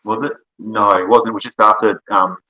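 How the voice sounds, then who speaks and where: A man's voice: fairly low pitch, steady tone, fairly quick, bright, forceful tone, low-quality recording. A man with an Australian accent, a podcast guest telling long, rambling stories and laughing often. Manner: rambling storyteller, laughs often, self-corrects. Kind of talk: casual conversation.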